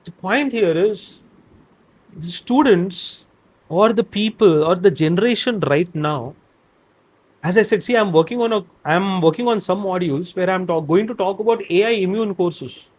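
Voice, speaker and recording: High-voiced man with Indian English accent. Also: moderate pace, darkish tone. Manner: expansive, emphatic, lists examples. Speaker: guest, operations director and career trainer. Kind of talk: candid podcast conversation.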